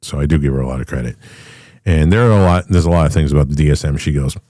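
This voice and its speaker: A man's voice: very deep voice, very fast, mellow, dry recording, studio quality. A middle-aged man hosting a podcast, rambling through a casual, profane monologue full of restarts. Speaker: podcast host.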